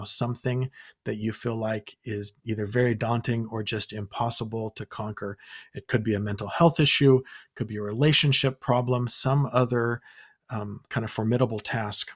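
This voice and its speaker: A man hosting a scripture study podcast, talking in an earnest, encouraging way and retelling stories with quoted dialogue. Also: lowish voice. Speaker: podcast host.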